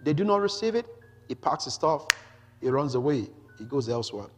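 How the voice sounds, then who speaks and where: A man's voice: medium pitch, sing-song, brisk, music in the background. Man preaching in a reverberant hall. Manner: reads scripture aloud with rising emphasis, breaks off to explain; peppers talk with "glory to Jesus" and "hallelujah". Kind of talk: Bible teaching sermon.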